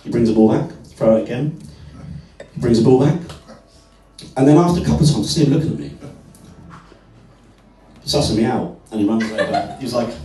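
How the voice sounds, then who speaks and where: A man's voice: medium pitch, animated, fairly quick, pauses often, warm tone, soft background music. A man performing stand-up comedy in a club, telling stories in a wry, self-deprecating way and chatting with the crowd. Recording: echoey club, far from mic, crowd.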